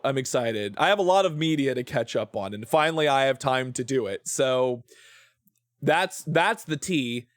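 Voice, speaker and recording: A man's voice: medium pitch, fairly bright tone, dry recording. Chatty, swearing male streamer, dry sound. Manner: chatty, rambling, playful, swears freely. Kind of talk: casual live-stream chat while gaming.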